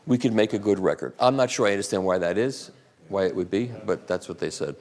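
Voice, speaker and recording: An older man speaking live to an audience, answering questions with rambling, animated anecdotes. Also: on the low side, fast.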